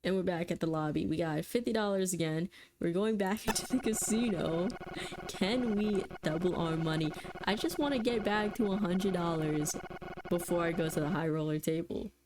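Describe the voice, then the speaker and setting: A young woman with a fairly low voice reads a game's story text aloud. Between passages she breaks off into casual, flustered, joking remarks about what is happening. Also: moderate pace, noisy background. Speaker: gaming YouTuber. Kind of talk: reading a text game aloud with casual commentary.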